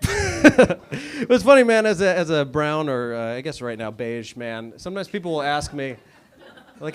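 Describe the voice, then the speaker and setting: A man's voice: on the high side, sing-song, moderate pace. Wry man doing stand-up. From United States. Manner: wry, self-deprecating, conversational delivery. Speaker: stand-up comedian. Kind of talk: stand-up comedy set. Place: comedy club stage. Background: audience laughter.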